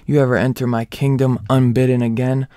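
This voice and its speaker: A man's voice: mid-range voice, flat delivery, fairly quick, warm tone, clear, resonant tone, no room sound, clean studio sound, natural voice. A man voicing a stern, proud male thunder god king who speaks in commanding lines.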